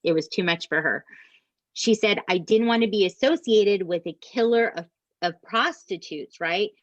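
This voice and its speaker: A woman, co-hosting a podcast and retelling a true crime story in an animated, casual way that includes swearing. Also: medium pitch, normal speed, no room sound, dull audio. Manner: animated, swears, addresses listeners as "you guys". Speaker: podcast co-host.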